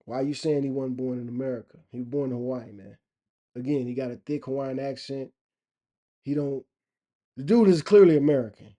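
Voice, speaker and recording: A man's voice: medium pitch, brisk, warm tone. A man vlogging in a rambling, opinionated casual monologue. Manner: rambling, opinionated, loose and conversational.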